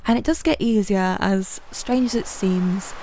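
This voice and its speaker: A woman's voice: mid-range voice, a little slow, slight background noise. A woman giving chatty, self-deprecating commentary over her gameplay, with plenty of ums. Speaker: gaming channel host. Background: soft game music.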